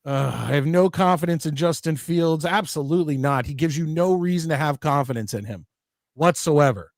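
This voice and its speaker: A man's voice: a little high, normal speed, a little mellow, no room sound, clean studio sound. A man hosting a casual sports talk show, reading viewer comments aloud and ranting with many restarts. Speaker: podcast host reading chat.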